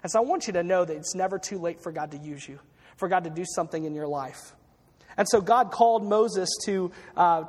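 A man's voice: sits high, a little mellow, husky, big-room sound. A man preaching a sermon, retelling a story with acted-out quotes and frequent restarts.

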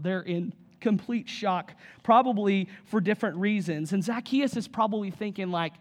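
High-voiced man preaching conversationally. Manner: conversational, acts out voices with quick asides. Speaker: pastor. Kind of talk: sermon.

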